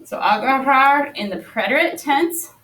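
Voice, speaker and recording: A woman's voice: high voice, expressive, a little slow, a bit bright, distant mic, slight background noise, rough recording. A woman teaching a Spanish class, upbeat and coaxing as she leads the students through repetition drills. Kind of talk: classroom lesson.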